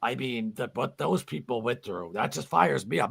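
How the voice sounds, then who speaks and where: A man hosting a casual livestream chat, swearing a lot and ranting heatedly, his pitch jumping up when he gets worked up. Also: animated, normal speed, gravelly, hardly any pauses, fairly bright tone, husky. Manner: profane, heated rants, voice climbing high when angry. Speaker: podcast host.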